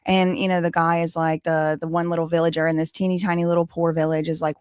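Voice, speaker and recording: A woman's voice: fairly low pitch, steady tone, very fast, hardly any pauses, no echo, clean studio sound. A woman in her thirties chatting casually with viewers on her livestream, rambling with many fillers. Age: 30s. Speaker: livestream host. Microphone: desk microphone with headphones.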